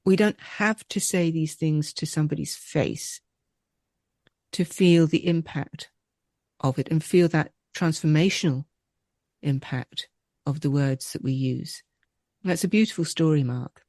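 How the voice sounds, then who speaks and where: A woman's voice: deep voice, a little slow, long pauses, no echo, studio quality. A woman co-hosting a podcast who responds in an affirming way. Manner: warmly affirming, moved. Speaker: podcast co-host. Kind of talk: conversational interview.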